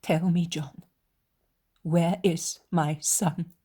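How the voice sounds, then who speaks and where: Woman playing a gentle grieving mother, whispered role-play, breathy and slow, soft paused sentences. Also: fairly low pitch, fairly even intonation, heavily acted. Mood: tender, grieving.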